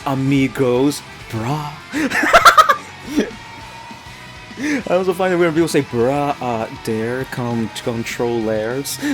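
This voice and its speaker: An American man chats over a racing game, his pitch leaping up and down as he laughs and restarts his sentences. Soft game music plays faintly behind him. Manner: animated, laughs often, trips over restarts. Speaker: let's play gamer. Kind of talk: casual gameplay commentary.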